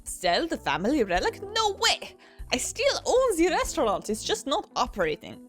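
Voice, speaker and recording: A grumpy old restaurant-owning uncle with a deliberately fake French accent, put on by a woman reading game dialogue. The lines swing up and down in a hammy, sing-song way, with faint game music behind. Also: high-pitched, huge pitch swings, voice pushed up. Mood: mock-French.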